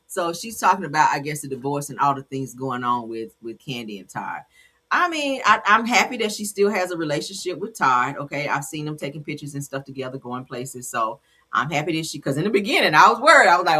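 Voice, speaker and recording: Woman host, bright lively voice, blunt playful gossip chat. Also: on the low side, brisk, breathy edge. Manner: animated, laughing, blunt and playful. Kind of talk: casual commentary on celebrity gossip.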